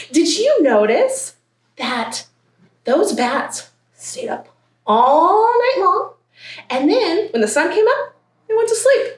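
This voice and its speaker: A librarian leads story time at a branch library, reading a picture book and chatting playfully with little kids. She sounds high and sing-song, in no hurry, and the distant mic catches roomy echo and a faint background hiss.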